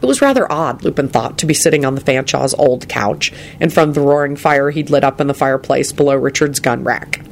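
A narrator reading a fantasy story aloud in an expressive storytelling manner. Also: mid-range voice, brisk, gravelly, few pauses, a little hiss or hum. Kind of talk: reading fan fiction aloud.

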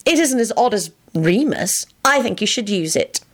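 Woman reader doing a high, breathy young woman in love, swooping and emotional, storybook read-aloud. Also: expressive, moderate pace, close to an everyday voice. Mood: teasing.

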